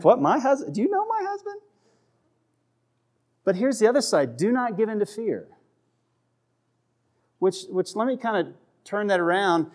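Conversational male preacher, fairly high voice. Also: darkish tone. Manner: conversational, checks in with the audience, acts out voices for humor. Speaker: pastor. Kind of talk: sermon.

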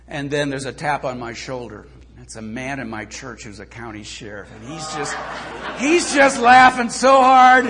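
A middle-aged man, a pastor, preaching a sermon in a relaxed, conversational storytelling manner with touches of self-deprecating humor. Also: medium pitch.

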